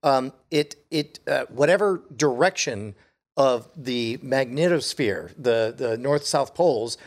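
A man's voice: mid-range voice, animated, slow pace. A man co-hosting a casual podcast chat, hesitant, full of fillers and restarts. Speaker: podcast co-host.

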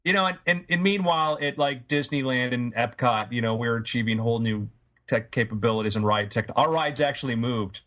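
A man's voice: mid-range voice, steady tone, a little fast, a bit bright. A man co-hosting a casual comedy podcast, riffing and joking with his friends. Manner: jokey, riffing, breaks into silly voices. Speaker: podcast co-host.

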